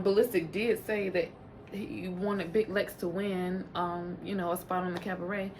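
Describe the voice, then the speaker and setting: A woman's voice: medium pitch, slight background noise. Blunt, sassy woman recapping reality TV. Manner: blunt, profane, sassy storytelling; animated, jumps into quoted voices. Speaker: reality TV reviewer. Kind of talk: casual recap commentary.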